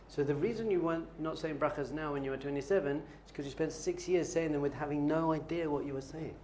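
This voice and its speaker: A middle-aged man, teaching a lively class as a rabbi and quizzing his students with playful questions. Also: on the high side, quick pace, hardly any pauses, a little hiss or hum. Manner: animated, playful, quizzing the audience.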